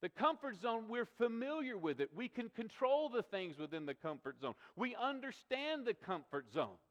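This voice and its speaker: A man's voice: very high-pitched, very animated, moderate pace, a bit bright. A male pastor preaching a sermon, emphatic and repetitive, asking rhetorical questions of his congregation. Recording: long reverb of a large hall.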